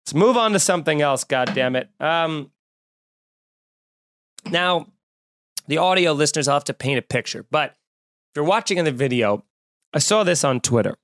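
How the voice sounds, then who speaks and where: A man on a podcast rants in a lively, exasperated way, swearing freely as he riffs for laughs. His voice sits a touch higher than most men's. The sound is close and dry, with no room echo. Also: moderate pace, pauses often. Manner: animated, exasperated ranting with frequent cursing. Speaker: podcast host. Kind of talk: casual comedic podcast rant. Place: room at home with windows open.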